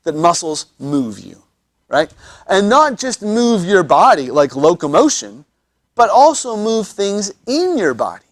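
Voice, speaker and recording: A man's voice: high voice, sing-song, unhurried, dry recording, studio quality. A man teaching anatomy in a classroom lecture, joking with students and often repeating words as he restarts.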